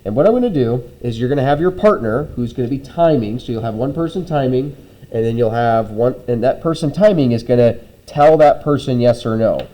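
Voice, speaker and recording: A middle-aged man explains a classroom lab step by step, his voice mellow and relaxed. He keeps it casual, dropping in fillers and checking in with the students as he goes. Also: medium pitch, a little fast, muffled recording. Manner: conversational, frequent "okay?" check-ins and "um" fillers. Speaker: teacher.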